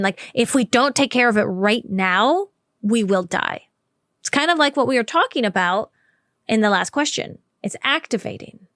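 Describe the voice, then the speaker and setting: A woman hosts an advice podcast in a direct, conversational way and draws out key words slowly for emphasis. Her voice sits a little high. The sound is dry and close, with no room around it. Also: no echo. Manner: warm, direct, conversational with slow emphatic stretches. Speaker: podcast host. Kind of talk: solo podcast advice talk.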